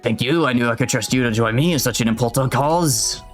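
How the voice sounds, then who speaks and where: A man's voice: medium pitch, fairly quick, faint music behind, lightly acted. A man doing a formal lady with a mock French accent. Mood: earnest. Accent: put-on French accent. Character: poised female game character, earnest and formal. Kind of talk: reading game dialogue aloud.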